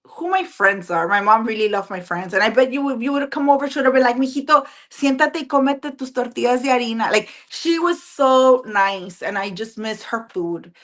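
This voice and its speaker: A woman guest, singer and police officer, chatting casually, animated and full of fillers. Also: fairly high pitch, normal speed, hardly any pauses. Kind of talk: casual interview chat.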